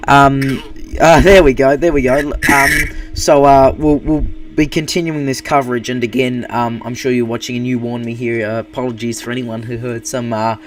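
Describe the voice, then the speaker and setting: A man's voice: medium pitch, fairly even intonation, a little hiss or hum. Australian male anchor, improvised live-stream news, stop-start delivery, distant mic. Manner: halting, many fillers and restarts.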